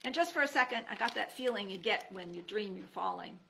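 Gravelly, bright-voiced woman reading a storybook. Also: brisk. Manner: lively, voices each character with pitch jumps. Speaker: teacher reading aloud. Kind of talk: storybook read-aloud.

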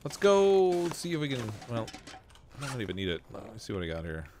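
Canadian streamer, everyday mid-range voice, easygoing banter, faint hiss behind. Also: male voice, mid-range voice, wildly swooping pitch, fairly quick. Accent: Southern Ontario Canadian. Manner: chatty, laughs often, jokes with chat. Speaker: gaming streamer. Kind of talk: casual gameplay commentary with live chat.

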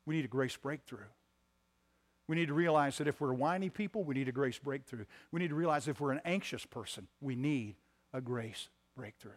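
A pastor preaching a sermon to his congregation, swinging from loud emphatic lines to quiet ones and repeating key phrases. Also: mid-range voice, a little fast. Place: church sanctuary.

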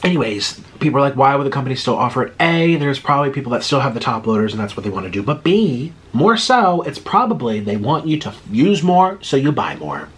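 A man's voice: medium pitch, big pitch swings, fairly quick, few pauses, breathy edge. Breathless chatty man rambling to camera. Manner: chatty, digressive, many fillers and restarts. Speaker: mukbang vlogger. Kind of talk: casual rambling monologue.

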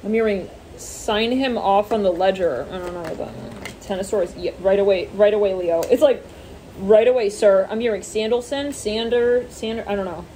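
A woman's voice: medium pitch, normal speed, dark tone, a little hiss or hum. A woman giving a casual tarot reading, rambling with many fillers and swearing offhandedly. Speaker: tarot reader.

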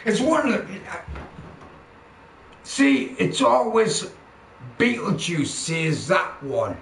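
A man's voice: sits high, sing-song, takes it slowly, creaky, pauses often. A man ranting angrily on a livestream, swearing constantly and heckling his viewers. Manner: profane, heckling, mocking. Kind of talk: angry livestream rant. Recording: roomy echo, faint background noise.

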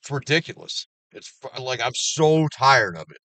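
A man delivering an angry, heavily profane personal rant, swinging between loud outbursts and low mutters. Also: sing-song, normal speed, no echo. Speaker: vlogger.

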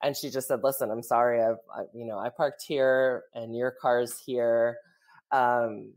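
Very low-voiced woman telling a story. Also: fairly even intonation, a little slow, a little mellow. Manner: chatty, full of "like" and "you know", laughs often. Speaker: podcast co-host. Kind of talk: casual storytelling chat.

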